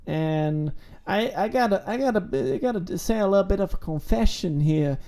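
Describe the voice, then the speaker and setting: A man co-hosting a podcast in casual chat, halting and full of restarts. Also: sits high, expressive, mellow. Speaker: podcast co-host.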